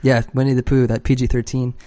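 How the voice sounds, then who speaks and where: A man co-hosting a podcast in casual chat, wry and quick with short interjections. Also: medium pitch, level tone, mellow. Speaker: podcast co-host.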